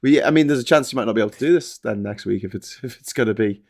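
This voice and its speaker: A man's voice: mid-range voice, very fast, vocal fry, darkish tone. A British man hosting a casual panel chat, rambling loosely, swearing and laughing between points. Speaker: host.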